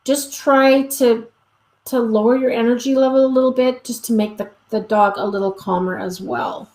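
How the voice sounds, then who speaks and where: A woman's voice: fairly high pitch, fairly even intonation, moderate pace, darkish tone. A woman dog trainer answering questions in a casual live Q&A, chatty, with many "um"s and acted-out quotes. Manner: chatty, frequent "um", acts out quoted exchanges. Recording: roomy echo.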